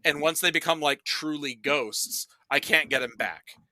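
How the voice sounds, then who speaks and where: A man retelling film plots in casual podcast chat, animated and swearing freely. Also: fairly high pitch, a little slow, no room sound. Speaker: podcast guest reviewing films.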